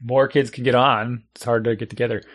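Middle-aged guy chatting on a podcast, gets animated, laughs a lot, restarts his sentences. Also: medium pitch, brisk. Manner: animated storyteller, laughs often, many restarts. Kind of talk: casual chat.

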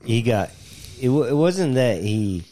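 A man's voice: medium pitch, lively intonation, measured pace, dark tone. A man on a phone call, telling a story in casual chat with stammers and restarts. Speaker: caller on the phone.

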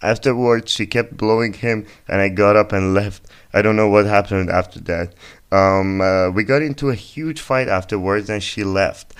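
A man's voice: fairly low pitch, clean tone. A man hosting a podcast, reading a listener's story aloud and breaking in with crude jokes and frequent laughter. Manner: laughs often, crude and joking asides. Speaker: podcast host. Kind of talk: casual comedic story reading.

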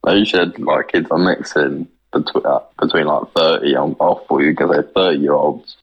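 A man's voice: extremely low pitch, steady tone, normal speed, breathy edge. A young man chatting casually among friends, blunt and skeptical in how he talks. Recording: dull lo-fi sound.

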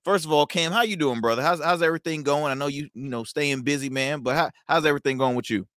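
A man hosting a casual podcast chat, animated and quick to laugh, often repeating himself. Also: a little high, no room sound, clean studio sound. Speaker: podcast host.

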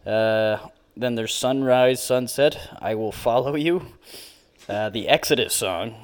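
A man's voice: mid-range voice, measured pace. A young man co-hosting a podcast in casual banter, reading old record sleeves aloud in a mock-grand tone. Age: young adult. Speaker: podcast co-host.

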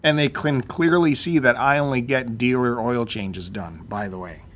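A man on a casual talk show, telling a long story in an animated, ranting way and acting out the people in it. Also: medium pitch, moderate pace, a little hiss or hum. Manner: animated, ranting, acts out quotes.

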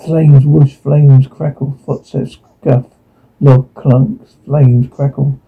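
A man's voice: medium pitch, little pitch movement, takes it slowly, gravelly, slightly rough. A man giving audio description, calling out short, clipped sound cues for a drama. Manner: terse, clipped cue descriptions. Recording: tinny phone-like sound.

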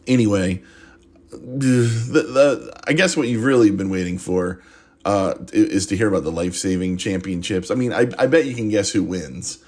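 Sarcastic husky-voiced man reviewing a movie. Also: low-pitched, normal speed, a little mellow. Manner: sarcastic, rambling, swears casually. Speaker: podcast host reviewing a movie. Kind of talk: casual comic monologue.

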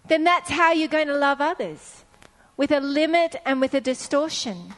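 Middle-aged woman preacher with a high voice, earnest storytelling sermon style, repeating phrases for emphasis, long echo of a church hall. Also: lively intonation, moderate pace.

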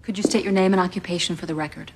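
An actress playing a composed female defense attorney questioning a witness in a TV legal drama, formal and measured. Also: on the low side, steady tone, a little hiss or hum, lightly acted.

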